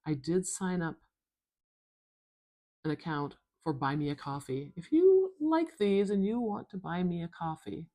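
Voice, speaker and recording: A woman teaching phonetics in a slow, soft tutorial, patiently repeating each sound. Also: fairly low pitch, lively intonation.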